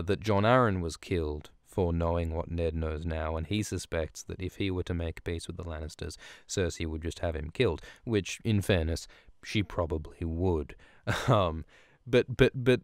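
A man's voice: low voice, no room sound, clean studio sound. A man hosting a podcast, casually recapping a book chapter in a rambling, profane way with many restarts. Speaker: podcast host.

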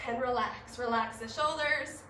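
A woman fitness instructor guiding a gentle home workout, upbeat and encouraging, a little winded, recorded in her living room. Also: high-pitched, slow pace, noisy background. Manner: upbeat, encouraging, laughs at herself. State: slightly winded. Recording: echoey room, mic at a distance.

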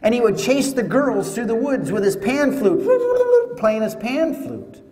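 A man giving a teaching talk to an audience, telling it as an animated story with joking asides. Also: very high-pitched, measured pace. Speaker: Catholic speaker. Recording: echoey hall with long reverb.

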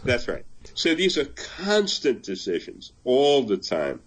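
A man's voice: mid-range voice, wildly swooping pitch, slow pace, breathy edge. An older man translating a memoir, talking thoughtfully in an interview, reading passages aloud and laughing now and then. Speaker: translator and guest. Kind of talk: conversational interview.

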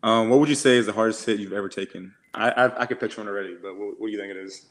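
A man's voice: fairly low pitch, rapid-fire. A young man in his twenties, co-hosting a podcast and telling stories in slangy, profane casual chat full of "like"s. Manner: slangy, profane storytelling with many "like"s. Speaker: podcast co-host.

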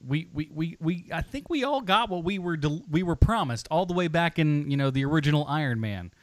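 A man's voice: on the high side, a little fast, no echo. A man co-hosting a movie podcast, rambling and joking in casual chat. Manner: animated, rambling, jokey asides. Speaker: podcast co-host.

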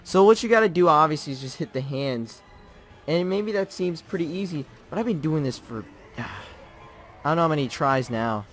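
A young man playing a video game and commenting as he plays, muttering pep talks to himself and repeating words in quick bursts. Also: on the high side, expressive, faint music behind. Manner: swings from muttered self-coaching to yelling in frustration. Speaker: gaming channel host. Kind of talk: live gameplay commentary.

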